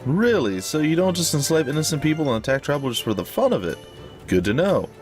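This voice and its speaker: A man's voice: on the high side, very animated, fast, soft background music, pitched above the performer's own voice. A man voicing a young female sword-fighting heroine who talks in a dry, sardonic way.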